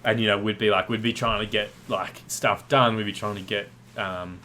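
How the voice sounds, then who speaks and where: A man's voice: on the low side, fairly even intonation, normal speed, sharp tone, slight background noise. A young man in casual podcast chat, rambling and agreeable as he swears lightly. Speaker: podcast guest, paramedic student.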